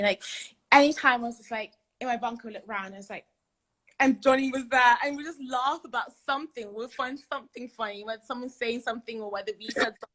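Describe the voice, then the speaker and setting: A young woman with a British accent, high and bright in pitch, talking over a video call from her home. She is bubbly and giggly, gushing as she chats with the host. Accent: British English. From England. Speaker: guest, reality show contestant. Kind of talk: casual video-call chat.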